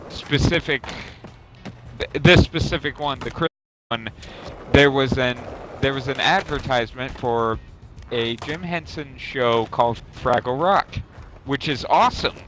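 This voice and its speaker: A man's voice: medium pitch, measured pace, pauses often, music in the background. A young man streaming a game, telling a long rambling story in casual chat, swearing freely and correcting himself as he goes. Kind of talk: casual chat while gaming. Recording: noisy stream audio.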